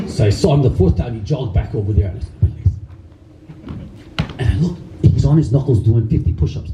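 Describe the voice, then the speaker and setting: A middle-aged man telling a story on stage in a casual, animated way, swearing freely. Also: mid-range voice, fairly quick, highs cut off. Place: stage in a large hall. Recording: roomy hall, mic at a distance, faint noise.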